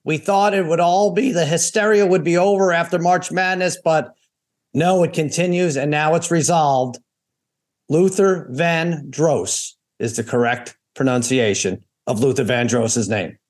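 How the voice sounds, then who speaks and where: A man with a Boston accent hosting a sports podcast, joking and self-deprecating in quick casual banter. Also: a little high. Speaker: podcast host.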